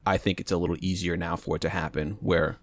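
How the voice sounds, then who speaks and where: Co-hosting a podcast, a man with a deep voice talks fast and flatly through a TV show's plot in a casual recap chat. He rambles and restarts as he turns theories over aloud, and there's no echo.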